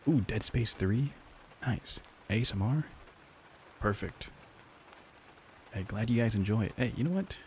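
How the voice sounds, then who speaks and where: A man's voice: fairly low pitch, expressive, measured pace, long pauses, a little mellow, slight background noise. A man streaming and chatting with his viewers in a rambling, joking way, using a lapel mic. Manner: rambling, joking, talks to chat. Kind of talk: casual live-stream chat.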